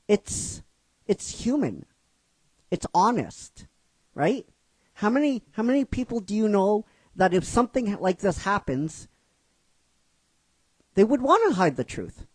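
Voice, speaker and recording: A man's voice: high-pitched, breathy edge, no room sound. A man telling and explaining the story of his own fan script in a casual, rhetorical way, repeating himself. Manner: rhetorical, keeps asking "right?", repeats himself.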